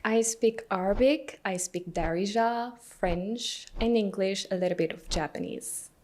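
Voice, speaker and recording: Young woman, Moroccan accent, student guest; lively and chatty. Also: mid-range voice, measured pace, slight background noise. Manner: lively and laughing often. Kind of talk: casual interview.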